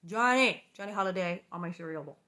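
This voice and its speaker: A middle-aged woman hosts a casual livestream from her living room, reading aloud and chatting in a bubbly, rambling way with plenty of asides. Her voice is mid-range, brisk, and fairly bright.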